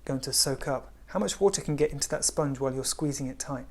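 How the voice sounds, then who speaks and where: A man giving a spiritual talk in a gentle, unhurried way, often dropping to a hush. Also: medium pitch. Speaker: spiritual teacher.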